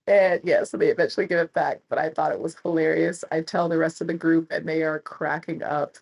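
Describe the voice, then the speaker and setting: A woman in her thirties, a travel creator telling stories casually and animatedly, with a husky voice. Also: low voice, fairly quick, poor audio. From United States. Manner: animated, chatty storyteller who laughs and acts out quotes. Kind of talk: casual storytelling to camera.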